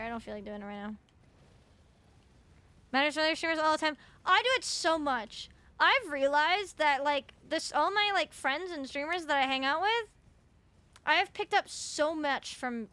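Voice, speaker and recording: Bright high-voiced Canadian woman streamer. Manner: chatty, swears, many fillers. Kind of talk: casual live-stream chat while gaming.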